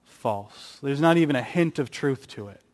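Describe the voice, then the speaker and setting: A man's voice: lively intonation, moderate pace, darkish tone. A man preaching a sermon, who raises his voice for emphasis and acts out the quotes he reads. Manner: rises in pitch and volume for emphasis, acts out quotes. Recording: long hall reverb.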